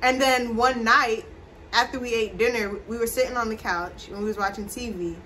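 Young woman, vlogger, bright voice, higher pitch, casual animated storytelling. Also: moderate pace, slight background noise. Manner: chatty, animated, addresses viewers.

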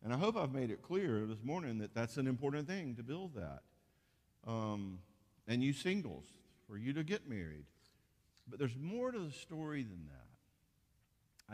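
A man leading a marriage conference session, folksy and animated, acting out quoted spouses. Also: on the low side. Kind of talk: conference sermon. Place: church auditorium. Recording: long hall reverb.

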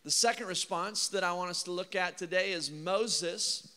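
A male pastor with a high, bright voice preaches a sermon in a church hall with a long echo. He keeps it conversational and plays out people's reluctant excuses with a light chuckle. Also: normal speed. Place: church auditorium.

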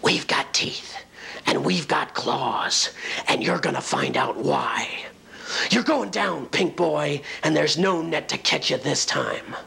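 A man voicing a disgruntled, hefty male raccoon who rants and threatens in a gruff, sneering voice. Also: unhurried, hardly any pauses, heavily acted. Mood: menacing whisper. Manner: ranting, with sharp swings in pitch and loudness. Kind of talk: comic story voice.

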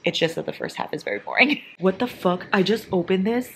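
A woman's voice: medium pitch, fairly quick, slight background noise. A young woman vlogging about her reading at home, talking casually and dramatically, gushing and swearing as she reacts. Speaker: book vlogger.

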